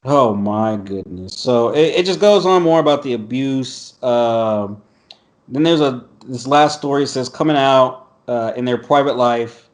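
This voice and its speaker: Speaking at a measured pace in a mid-range voice, this podcast host reads an article aloud on a casual video-call show. His reactions are blunt and profane, and he laughs a lot.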